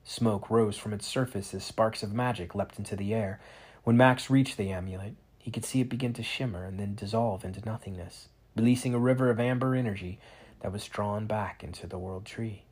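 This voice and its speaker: A man narrating a fantasy storybook aloud in a dramatic, expressive reading. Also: fairly low pitch, a little fast, slightly rough.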